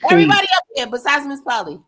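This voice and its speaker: A woman's voice: high voice, very animated, racing, a loud crowd. A woman co-hosting a podcast, sarcastic and mocking as she teases the others. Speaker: podcast co-host. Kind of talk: casual chat.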